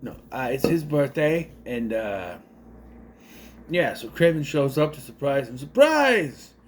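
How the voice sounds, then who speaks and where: A man's voice: mid-range voice, lively intonation, unhurried, darkish tone, a little hiss or hum. A man giving a casual spoken movie review, rambling with unsure asides and self-corrections.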